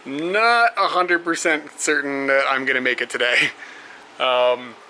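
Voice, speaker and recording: A young travel vlogger talks casually to his camera by roads and rest stops, rambling, using fillers and laughing a lot. His mid-range voice is fairly even, a little slow, pushed and bright. The rough outdoor camera audio picks up clear traffic noise.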